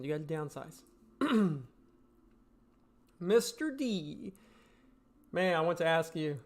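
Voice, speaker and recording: A man hosting a live day-trading stream, reading viewer questions aloud and answering them bluntly in a relaxed, chatty way. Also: on the high side. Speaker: day trading show host.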